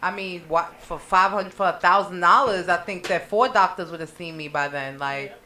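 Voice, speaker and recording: A woman's voice: lowish voice, moderate pace, slight background noise. A woman co-hosting a casual radio chat, telling a story in slangy talk and acting out what people said. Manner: animated slangy storyteller who acts out quotes. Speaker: radio co-host. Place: radio studio.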